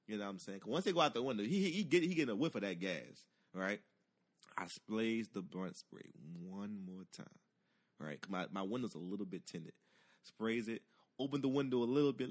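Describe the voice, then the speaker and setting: A man telling a profane, excitable story and acting out the voices with loud outbursts. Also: fairly low pitch. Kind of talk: animated storytelling.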